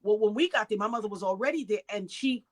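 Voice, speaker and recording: A woman's voice: mid-range voice, fast talker. A middle-aged woman from New York giving an emotional personal account in an interview, acting out the voices of the people in her story. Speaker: interview guest.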